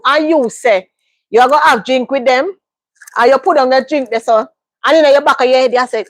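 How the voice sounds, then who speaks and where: High-voiced woman, dry sound. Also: normal speed, no echo. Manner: emphatic, repeats phrases for stress. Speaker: livestream host. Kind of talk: casual advice monologue.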